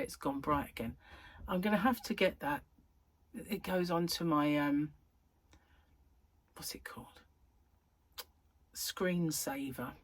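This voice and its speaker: A woman's voice: low-pitched, breathy edge, no room sound. A middle-aged woman, a crochet vlogger, chatting casually to her viewers and telling stories with laughter. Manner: chatty, laughing, animated storyteller.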